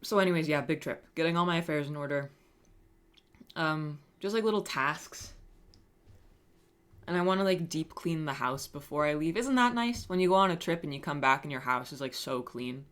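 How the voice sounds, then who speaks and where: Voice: mid-range voice, moderate pace, a bit bright. A streamer chatting casually on a live stream, reading chat messages aloud and answering them with wry, self-mocking humor and frequent swearing.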